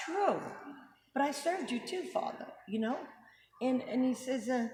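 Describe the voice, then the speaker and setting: A woman's voice: high voice, lively intonation, measured pace. A middle-aged woman hosting a casual religious commentary, talking emphatically and firing off rhetorical questions to check you're following. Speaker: host. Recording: echoey room with background noise.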